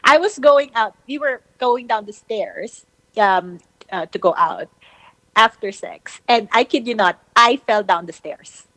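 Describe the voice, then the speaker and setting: A woman's voice: fairly high pitch, a little slow, a bit bright, no room sound, poor audio. A woman from the Philippines calling a podcast, chatty and laughing easily as she tells her story. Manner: chatty, frequent laughs and fillers. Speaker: caller. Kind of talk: casual chat telling a personal story.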